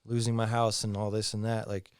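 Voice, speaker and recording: A man's voice: fairly low pitch, little pitch movement, a little fast, a little mellow, clean tone, dry recording, clean studio sound. A man in his thirties, a former pro snowboarder, talking loosely and candidly on a podcast, full of swearing and fillers. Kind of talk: casual interview chat.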